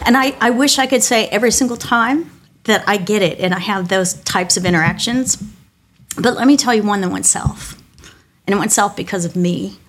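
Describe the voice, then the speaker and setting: A woman's voice: mid-range voice, normal speed, slight background noise. A middle-aged woman pastor giving a devotional talk, telling personal stories in a candid, self-deprecating way with small restarts.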